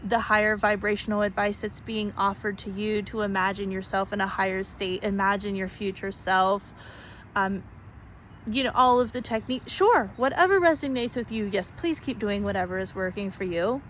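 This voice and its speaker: A woman's voice: medium pitch, moderate pace, fairly bright tone, a little hiss or hum, rough recording. A woman speaking straight to her viewers in an earnest, pleading way, repeating herself for emphasis. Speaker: spiritual vlogger. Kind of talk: heartfelt direct-to-camera talk.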